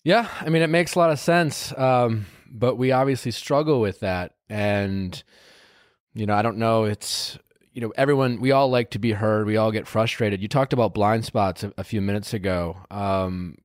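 A man's voice: lowish voice, moderate pace, no room sound, studio quality. A young man in his twenties hosting a podcast, who asks questions with hesitant restarts. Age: 20s. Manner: hesitant, many restarts when asking questions. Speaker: podcast host. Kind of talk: conversational podcast interview.

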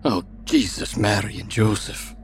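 A man's voice: lowish voice, measured pace, creaky, faint music behind, voice pushed up. A man voicing a wary old Scottish woman. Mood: grave warning. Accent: rural Scottish. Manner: quiet, grave warning.

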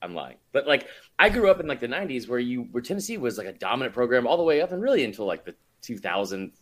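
A man's voice: mid-range voice, very animated, fast talker. Rambling, laughing male podcast guest. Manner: rambling, filler-heavy, laughs often. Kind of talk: casual chat.

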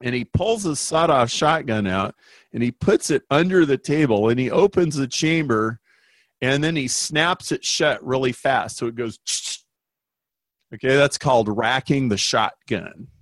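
A man's voice: medium pitch, measured pace, no room sound. Dry-sounding storytelling man. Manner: animated, acts out quoted voices. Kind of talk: conversational storytelling.

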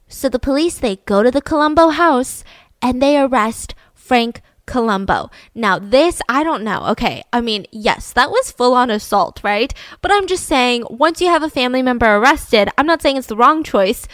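Female podcast host, casual true-crime storyteller, chatty, slightly high voice, dry close mic. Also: animated, moderate pace, a bit bright, no room sound. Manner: chatty, conversational asides.

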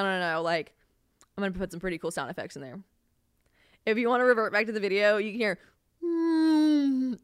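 A young woman talks through a solo podcast episode in a loose, chatty way, saying "like" constantly and swearing freely. She sounds exasperated as she vents. Her voice sits at a middle pitch, and the recording is dry and close with no room sound. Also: a bit bright, dry recording. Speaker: podcast host. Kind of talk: casual solo chat.

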